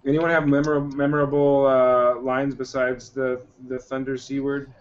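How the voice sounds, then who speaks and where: A man's voice: mid-range voice, little pitch movement, moderate pace, background noise. A man chats casually on a movie podcast and rambles through his points. The sound is dull and lo-fi. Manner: rambling, retells scenes. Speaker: podcast co-host.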